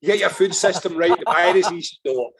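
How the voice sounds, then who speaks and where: A Scottish man, a guest on a podcast, telling stories in a lively, emphatic way and swearing freely. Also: sits high, fast. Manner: animated, emphatic storyteller who swears freely. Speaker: guest, political strategist. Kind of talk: casual podcast conversation, storytelling.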